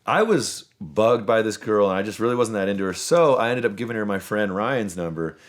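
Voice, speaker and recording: A man's voice: fairly low pitch, animated, fairly quick. A man in his thirties hosting a podcast, telling long, rambling stories in casual chat and swearing freely. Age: 30s. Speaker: podcast host.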